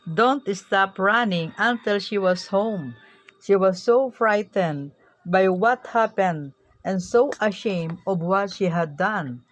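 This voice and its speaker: A woman narrating a storybook tale in a gentle, unhurried manner. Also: mid-range voice, low-quality recording.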